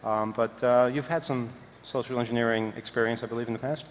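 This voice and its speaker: A man's voice: mid-range voice, fairly even intonation, fairly quick. A man moderating a conference panel in a loose, apologetic way, with plenty of fillers. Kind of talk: casual panel hosting. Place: large conference hall. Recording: hall mic with loud crowd and noise.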